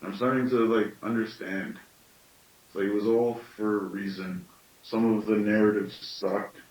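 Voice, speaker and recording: Storyteller, male, late thirties, slightly deep, musing teaching talk, recorded far off in an echoing room. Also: little pitch movement, normal speed, darkish tone. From Canada. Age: late 30s. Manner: thoughtful, with self-questioning asides.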